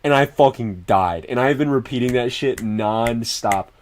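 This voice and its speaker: A young man talking straight to his livestream chat. He rambles in an animated way, swears freely and stays loose and casual throughout. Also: mid-range voice, normal speed, a little hiss or hum.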